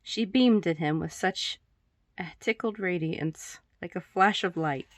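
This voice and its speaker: A woman chatting and then casually reading her own story aloud to a phone in a room at home, with giggles and throat-clearing asides. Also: fairly low pitch, a little slow, no echo, clean studio sound. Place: room at home with poster backdrop.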